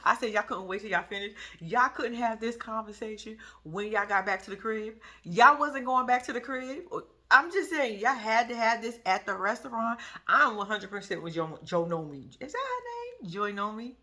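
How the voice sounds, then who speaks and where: A woman giving sassy, animated casual commentary, often laughing. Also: fairly high pitch, moderate pace, few pauses. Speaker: reality TV recap vlogger.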